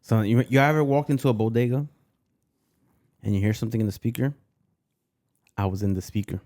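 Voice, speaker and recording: A young man, co-hosting a podcast in casual chat, animated and quick to swear. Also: medium pitch. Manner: animated, swears freely, sings snippets in Spanish. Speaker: podcast co-host.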